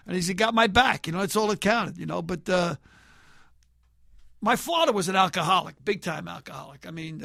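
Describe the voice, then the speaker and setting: A man's voice: high voice, creaky, fairly bright tone, no room sound, studio quality. A man in his sixties with a Bronx accent, telling his life story as a guest in a casual interview, streetwise and blunt. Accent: Bronx New York. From Bronx, New York. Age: 60s.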